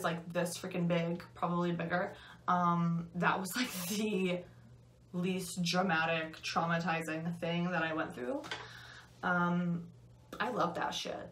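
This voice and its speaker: A woman's voice: lowish voice, fairly bright tone, reverberant, distant mic, slight background noise. A young woman telling a personal story to camera in casual, chatty talk, swearing freely and filling with "like" and "um". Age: young adult. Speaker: vlogger. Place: at home.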